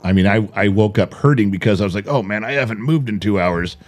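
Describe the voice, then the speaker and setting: A man's voice: on the low side, fast talker. An older man co-hosting a casual podcast chat, telling stories with jokes and playful mock voices. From California. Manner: joking, animated storyteller with mock impressions. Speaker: podcast co-host.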